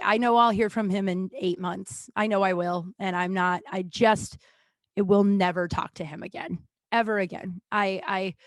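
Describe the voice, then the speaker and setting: A woman hosting her own podcast, talking in a rambling, unscripted way, swearing often, restarting sentences and swinging between loud and quiet. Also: medium pitch, no echo. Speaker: podcast host. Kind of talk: casual monologue.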